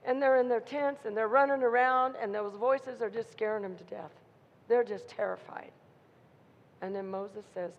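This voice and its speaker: A woman preaching a sermon, telling a story in an animated way and acting out the voices of a frightened crowd. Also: a little high, moderate pace, gravelly. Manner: animated, acts out crowd voices with rising intensity. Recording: muffled sound in a reverberant hall.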